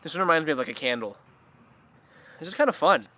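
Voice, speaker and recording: A man in a casual vlog reads sponsor copy in a playful, self-deprecating way, chuckling often. His voice is on the high side, fast and bright, with lively intonation and a forceful tone.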